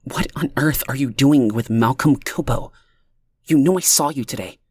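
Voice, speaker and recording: A woman's voice: a bass voice, moderate pace, darkish tone, husky, dry recording, voice pushed up. A man reading an audiobook, voicing a frightened but defiant young mother on the phone in a raised, tense voice. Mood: hushed. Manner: tense, pleading then angry.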